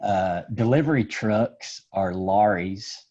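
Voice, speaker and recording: A man's voice: fairly low pitch, slow, a little mellow. A man hosting a podcast, chatting casually in a laid-back, musing way. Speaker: podcast host. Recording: dull lo-fi sound.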